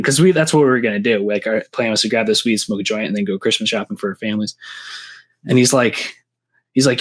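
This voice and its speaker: A man's voice: on the low side, steady tone, normal speed. A man, a podcast guest telling casual stories, rambling with lots of "like" and restarts. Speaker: podcast guest, seed breeder. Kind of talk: casual storytelling.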